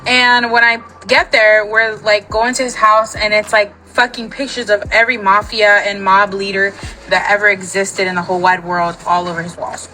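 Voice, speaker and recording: A woman telling a wild personal story in a storytime clip, animated and crude, acting out the voices of the people in it. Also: mid-range voice, moderate pace, poor audio. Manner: acts out voices in her story.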